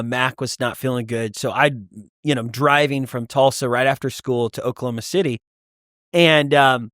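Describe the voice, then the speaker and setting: A man hosting a podcast, talking in relaxed casual chat and chiming in often. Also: medium pitch, dry recording, clean studio sound. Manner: relaxed, conversational, chimes in often. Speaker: podcast host.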